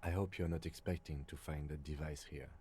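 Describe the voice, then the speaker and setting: An actor playing a calm, measured police lieutenant partner in a game, with a dry, precise way of speaking. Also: male voice, over music. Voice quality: dark, husky, very deep.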